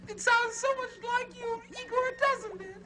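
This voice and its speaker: A woman's voice: very high-pitched, fairly even intonation, a little slow. A woman in a comedy sketch, talking in a coy, flirty way as a caller.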